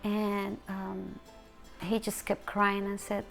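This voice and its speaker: Give me a grieving mother telling her story haltingly, with a gravelly voice. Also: mid-range voice, completely flat delivery, faint music behind. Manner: halting, soft, quotes others in hushed voice. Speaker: interviewee, bereaved mother and nonprofit founder. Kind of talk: emotional personal testimony.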